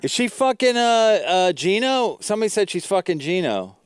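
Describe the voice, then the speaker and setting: A man hosting a comedy podcast, teasing and needling his guests with quick quips. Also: high-pitched, sing-song, clear, resonant tone, no room sound, clean studio sound. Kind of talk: casual comedic podcast banter.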